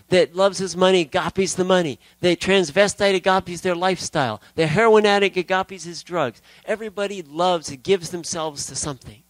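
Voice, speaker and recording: A male preacher delivers a sermon in an easy, conversational storytelling manner, weaving scripture quotes into his talk. His voice sits a little high for a man. The sound is dry and close, with no room echo.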